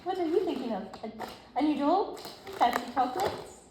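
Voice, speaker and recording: A woman's voice: high voice, animated, fairly quick. A woman reading a pleading young girl. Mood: gentle. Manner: earnest and pleading. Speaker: read-through actor. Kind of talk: script read-through. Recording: roomy echo with loud noise.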